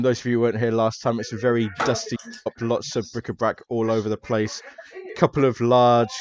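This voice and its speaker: A man narrates a tabletop game as its game master, setting scenes in an unhurried way with small fillers. His voice sits mid-range. The audio is dull and lo-fi. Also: medium pitch.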